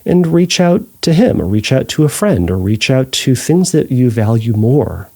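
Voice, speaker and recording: Male therapist host, gravelly mellow voice, measured advice, restarts often. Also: medium pitch, sing-song. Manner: thoughtful, with frequent restarts and self-corrections. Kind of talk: answering a listener's question.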